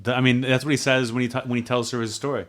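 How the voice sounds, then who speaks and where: Man, from the US, mid-pitched, dry offhand storyteller, quirky cadence, casual podcast chat. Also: flat delivery, rapid-fire, fairly bright tone. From United States. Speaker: podcast co-host.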